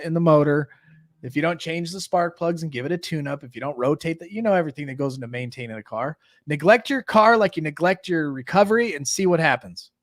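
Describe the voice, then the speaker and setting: A middle-aged man hosting a recovery stream in casual chat, earnest and plain-spoken, reading book passages aloud and then commenting on them. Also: on the high side.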